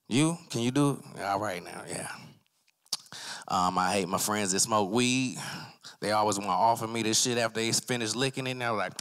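Male stand-up at an open mic, mid voice, loose profane storyteller who leaps high to play other people in his stories. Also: fairly quick, sharp tone. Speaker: stand-up comic. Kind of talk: stand-up comedy set. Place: comedy night stage at an arts center.

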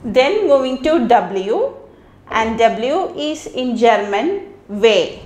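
Slow-paced teacher woman, echoey room. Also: on the high side, big pitch swings, darkish tone. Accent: Indian English. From India. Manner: slow, repeats each word twice, pauses between phrases. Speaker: language teacher. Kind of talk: slow classroom lesson on pronunciation.

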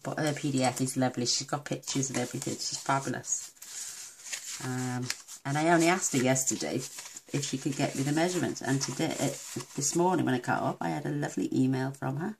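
A woman's voice: rumbling low, brisk, gravelly, background noise. A woman from the UK demonstrating a papercraft project step by step, chatty and affectionate as she works. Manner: chatty and affectionate, talks while working. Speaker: craft demonstrator. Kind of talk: casual crafting tutorial.

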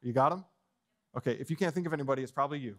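A pastor delivers a bold, fiery sermon in a church sanctuary, his mid-range voice coming in rapid-fire bursts. He swings between loud proclamations and quiet asides, joking with the congregation along the way.

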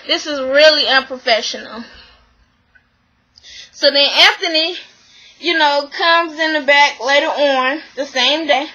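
Bright high-voiced woman recapping a show. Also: a little slow, pauses often, highs cut off. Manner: animated, exasperated, acts out the people she quotes; slangy, swears freely. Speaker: vlogger recapping a reality show. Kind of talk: casual recap and commentary.

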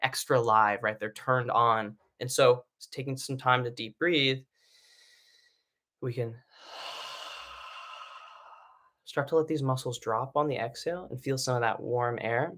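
A man's voice: mid-range voice, steady tone, takes it slowly, long pauses, bright, forceful tone. A man teaching an online singing lesson, explaining breathing in a casual way with lots of fillers and "right?" checks. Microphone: live stream setup.

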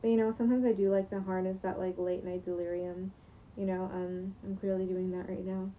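A woman's voice: mid-range voice, little pitch movement, brisk, dull audio, a little hiss or hum. A young woman rambling in a late-night monologue, sleep-deprived, with many fillers, restarts and casual swearing. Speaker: vlogger. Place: room at home at night. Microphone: screen recording on computer.

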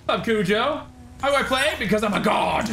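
A woman streaming a game live, excitable and trash-talking opponents while she swears and thanks her viewers. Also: on the high side, brisk, creaky, background noise. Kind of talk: live gameplay streaming commentary. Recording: game music playing underneath. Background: game music.

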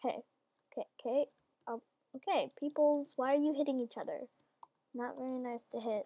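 Excitable high-voiced woman with a stuffy nose. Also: brisk, pauses often, no echo, muffled recording. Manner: excitable, swings from mumbling to loud squeals. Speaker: gaming channel host. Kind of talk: live gameplay commentary.

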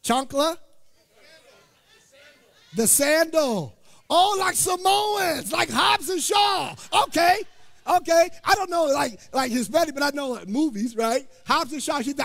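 A pastor from Indiana preaching a sermon, joking and calling out to his congregation in an animated way. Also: very high-pitched, measured pace, gravelly, shouting. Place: church sanctuary. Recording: long church hall reverb.

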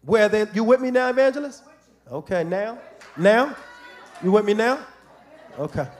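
High-pitched, lively preaching man. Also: unhurried. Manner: emphatic call-and-response preaching, sings and shouts phrases. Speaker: bishop preaching. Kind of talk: sermon.

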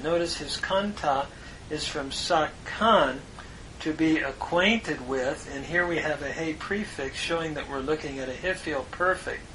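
A man lectures on grammar at a very slow, deliberate pace, his voice fairly high and bright. He pauses often with "uh" fillers while he works through each term. A faint low rumble sits under the recording. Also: low-quality recording. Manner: measured, pauses with many "uh" fillers, spells out Hebrew terms. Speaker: Hebrew grammar teacher.

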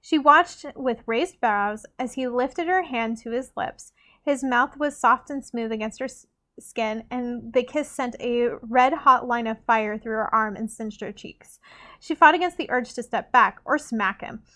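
A woman podcast host reads a novel aloud in a casual, unpolished style. She stumbles and restarts now and then, in a somewhat high voice. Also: unhurried, pushed and bright. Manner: unpolished reading with restarts and asides.

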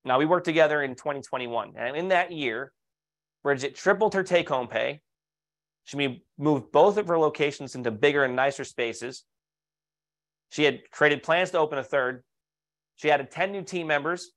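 A man's voice: fairly high pitch, moderate pace, fairly bright tone. A man giving an online webinar talk on leadership as a coach, upbeat and persuasive, with rhetorical questions and client stories. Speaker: leadership coach presenting to architects.

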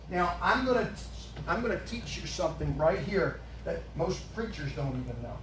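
A man preaching in a roomy church, his voice very high and heard from some distance off the mic. He fires questions at his congregation and drives his points home emphatically, rising to a shout at times. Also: very animated, normal speed, a little hiss or hum. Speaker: pastor. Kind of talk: sermon. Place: church sanctuary. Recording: echoey room, far from the mic.

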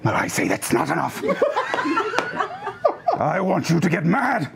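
A man's voice: high-pitched, huge pitch swings, takes it slowly, creaky, very noisy. A man delivering a theatrical, impassioned mock political campaign speech as a cast member of a tabletop game show.

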